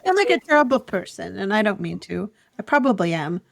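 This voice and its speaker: A woman's voice: mid-range voice, very animated, brisk, creaky, no room sound, studio quality. A woman co-hosting a podcast, telling candid stories in casual chat, giggling often and laughing at herself. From Ireland. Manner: giggly, self-deprecating storyteller. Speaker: podcast co-host.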